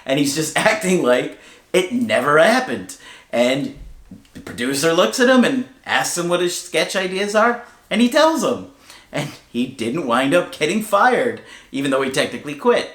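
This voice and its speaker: A man's voice: on the high side, sing-song, moderate pace, a bit bright. A man giving relationship advice in a casual, conversational way, telling stories with fillers as he goes. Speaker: relationship coach. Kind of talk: casual advice talk to camera. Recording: roomy echo.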